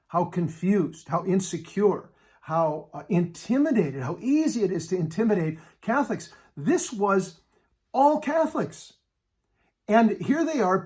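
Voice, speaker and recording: A middle-aged man giving a preached talk with storytelling, moving from an animated story to rousing exhortation. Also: sits high. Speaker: speaker at a Catholic men's event.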